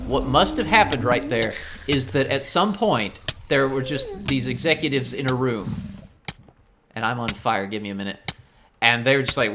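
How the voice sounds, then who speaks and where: A man hosting a game video, ranting in an animated, incredulous way. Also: mid-range voice, moderate pace, slight background noise. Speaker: gaming channel host. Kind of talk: casual let's-play rant.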